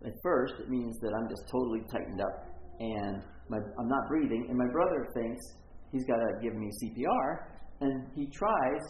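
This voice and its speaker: A man's voice: medium pitch, darkish tone, slight background noise. A middle-aged man teaching a Bible story in a conversational, rambling way, often interrupting himself. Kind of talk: storytelling sermon. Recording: echoey phone-like recording.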